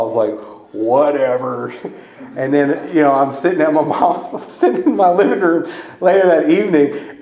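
A man's voice: medium pitch, darkish tone. Man from Louisiana, frank testimony talk, wry humor, roomy and slightly dull sound. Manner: candid, wry, laughs at his own story. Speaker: speaker sharing a recovery story. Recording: dull echoey room sound.

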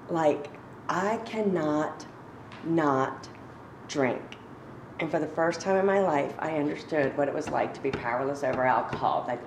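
A woman giving a halting, reflective personal testimony as a recovery speaker, with many pauses and fillers. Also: low voice, reverberant, slight background noise.

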